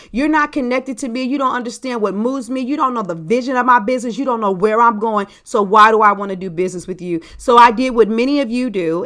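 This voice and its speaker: Female podcast host, sales coach type, chatty and emphatic, slightly high voice. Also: a bit bright. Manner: emphatic, chatty, talks straight to listeners. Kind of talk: casual podcast monologue.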